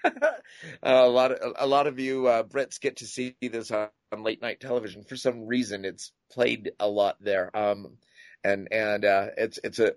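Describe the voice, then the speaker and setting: A man guest on a podcast chatting casually, rambling and halting, often breaking into laughter. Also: lowish voice, fairly even intonation. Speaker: podcast guest, makeup artist. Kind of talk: casual chat. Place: at home, tying a wig while talking.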